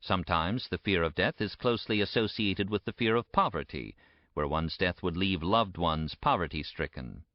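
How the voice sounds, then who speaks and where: A man giving a measured, emphatic audiobook narration. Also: low-pitched, no room sound. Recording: dry, dull lo-fi recording.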